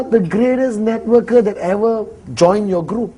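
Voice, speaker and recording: A man with a Malaysian English accent training a seminar audience on prospecting, talking in an animated, joking way and acting out small dialogues. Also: high-pitched, moderate pace, husky. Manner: animated, jokey, acts out little dialogues. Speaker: network marketing trainer. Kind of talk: live seminar talk.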